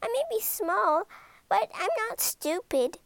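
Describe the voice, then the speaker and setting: A woman voicing the smallest monster in the world, a timid little female creature with a squeaky voice. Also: expressive, takes it slowly, vocal fry, no echo, heavily acted. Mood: sad, squeaky. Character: tiny timid female monster, sad then clever.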